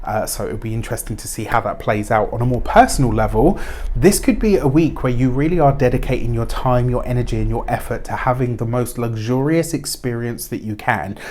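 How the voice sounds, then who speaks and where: A man's voice: mid-range voice, fairly quick. Chatty man giving a tarot reading. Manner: chatty, rambling, warm spiritual phrasing with frequent fillers. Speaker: tarot reader. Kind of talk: casual weekly tarot reading.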